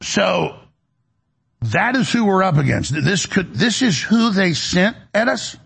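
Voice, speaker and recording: A male show host rants into the studio mic with a heavily gravelly, husky voice. He rambles in an agitated way, repeats himself and restarts sentences over and over. His voice sits a little above the usual male pitch. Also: big pitch swings, takes it slowly, fairly bright tone. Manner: agitated, repetitive, with many restarts. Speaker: radio and web show host. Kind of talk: rambling broadcast monologue. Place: broadcast studio.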